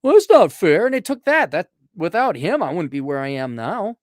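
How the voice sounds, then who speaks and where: A man's voice: sits high, very animated, normal speed, no room sound, studio quality. A middle-aged man giving a blunt, profane, casual monologue answering listener questions, acting out quoted exchanges.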